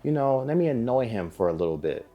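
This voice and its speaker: A man's voice: medium pitch, sing-song, fast talker, warm tone, faint music behind, lightly acted. A man mimicking a teasing girlfriend stirring up drama. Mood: mock-sweet.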